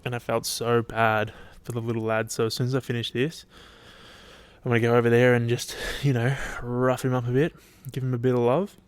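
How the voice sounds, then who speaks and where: A man's voice: medium pitch, flat delivery, fairly quick, smooth, no room sound. Sweary, rambling Australian man. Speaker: podcast host. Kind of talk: casual solo chat.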